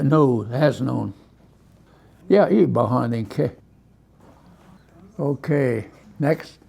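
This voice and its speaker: A man teaching a language class, relaxed, repeating words slowly for his students. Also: fairly high pitch, gravelly.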